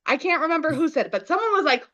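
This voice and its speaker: A woman's voice: sits high, expressive, rapid-fire, a bit bright. A woman co-hosting a podcast, casually retelling a story in playful slang and acting out the characters' lines. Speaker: podcast co-host.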